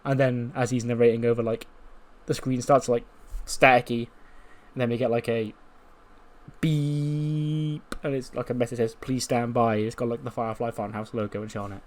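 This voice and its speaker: A man hosting a gaming video, recapping events in an animated, casual way with lots of fillers. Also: medium pitch, normal speed. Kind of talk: casual game commentary.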